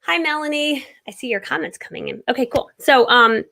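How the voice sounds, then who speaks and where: A woman in her thirties hosting a live-stream coaching session, talking casually, loudly and energetically and laughing often. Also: high-pitched, lively intonation, brisk, creaky.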